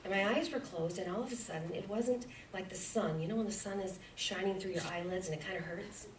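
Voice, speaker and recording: A woman in her forties giving a heartfelt personal testimony as a guest speaker in a church, earnest and sometimes dropping to a soft whisper. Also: mid-range voice, brisk, slight background noise. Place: church sanctuary. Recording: echoey church hall from far off.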